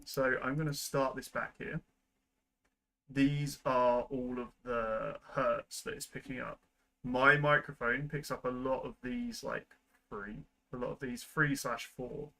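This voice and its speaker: A young man at his computer, explaining video editing steps in a relaxed, rambling way full of ums and likes. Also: mid-range voice, measured pace, poor audio. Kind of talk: casual screen-recorded tutorial. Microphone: desk microphone at a computer.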